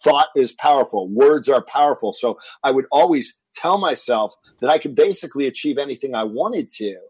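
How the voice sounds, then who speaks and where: A man's voice: medium pitch, a little fast, breathy edge, no room sound, rough recording. A man telling a personal story as a podcast guest, acting out what his family said. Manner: animated, acts out quoted family dialogue.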